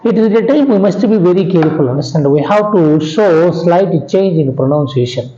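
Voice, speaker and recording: A man with an Indian English accent teaching an English grammar lesson, slow and repetitive, often asking "understand?" and letting his pitch drop at the ends of sentences. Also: lively intonation, warm tone. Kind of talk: classroom lecture. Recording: echoey room, dull lo-fi sound.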